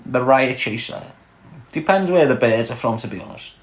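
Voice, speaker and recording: A man's voice: medium pitch, animated, normal speed. A man with a Liverpool Scouse accent hosting a livestream, bantering crudely and teasing viewers as he reads the chat. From Liverpool, England. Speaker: livestream host reading chat. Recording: echoey room.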